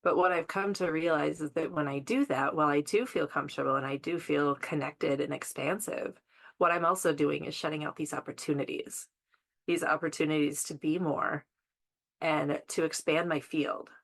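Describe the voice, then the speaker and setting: A woman in a casual spiritual conversation, speaking in a calm, measured way. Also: sits low, vocal fry.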